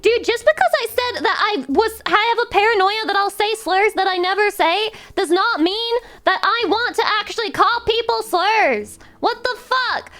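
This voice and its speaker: High-voiced swearing Southern streamer woman. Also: moderate pace, hardly any pauses. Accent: Southern American. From American South. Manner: swears freely, playful and loud with sudden high squeals. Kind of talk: casual stream chat reading viewer messages.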